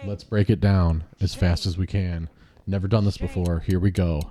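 Man, podcast co-host, mellow low voice, jokey casual recap. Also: flat delivery. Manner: jokey, rapid-fire recap. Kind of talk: casual chat recapping a TV show.

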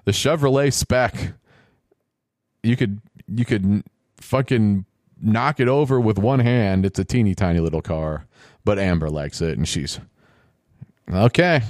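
A man's voice: on the low side, unhurried, pauses often, a little mellow, dry recording, studio quality. Sarcastic man doing casual play-by-play. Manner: sarcastic, joking asides. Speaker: host watching and commenting on a game show.

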